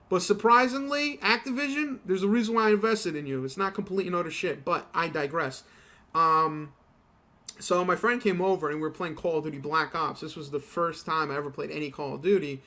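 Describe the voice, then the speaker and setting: A man's voice: fairly high pitch, fairly bright tone. A young man telling a rambling, profane story while commenting on his gameplay. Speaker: gaming YouTuber.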